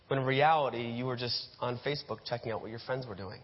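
Speaking quickly at a medium pitch, this male preacher tells sermon stories that put the audience in the role of "you" while he acts out each scene. The sound carries the dull echo of a hall.

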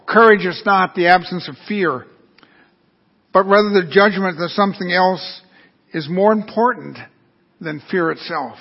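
A man's voice: sits high, a little slow, long pauses, breathy edge. A man preaching an earnest, storytelling sermon. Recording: dull lo-fi recording.

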